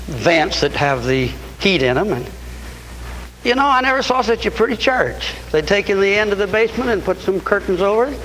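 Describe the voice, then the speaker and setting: An older male preacher delivers a fiery sermon in a high, piercing voice. He climbs to loud, impassioned peaks and then sinks to quiet, low asides. His tone is bright and cutting throughout. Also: slight background noise.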